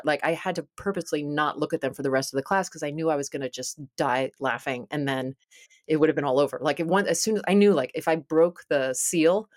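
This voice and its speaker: A woman co-hosting a podcast, telling a story in quick, rambling, casual chat. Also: sits low, dry recording, studio quality. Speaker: podcast co-host, yoga teacher.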